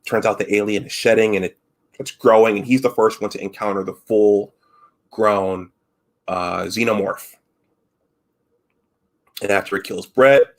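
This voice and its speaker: A man with a fairly low voice hosts a casual live stream, walking through a film scene by scene. He talks in a loose, halting way, restarting phrases and stopping to act out lines. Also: fairly bright tone. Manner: retells scenes with filler restarts and acted-out quotes. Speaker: host.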